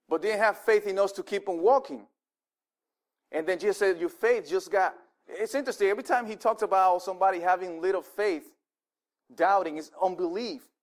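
A male pastor giving a sermon in an animated, conversational way, often restarting his words. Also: high-pitched.

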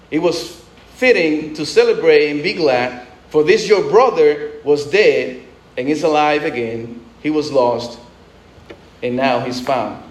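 Man, high voice, conversational sermon, frequent restarts, echoey room. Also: measured pace. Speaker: pastor.

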